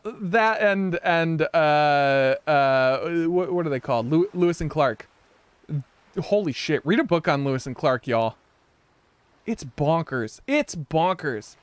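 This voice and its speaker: A man's voice: on the high side, smooth, dry recording. An American man streaming a video game, giving casual, joking commentary with rambling asides. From United States.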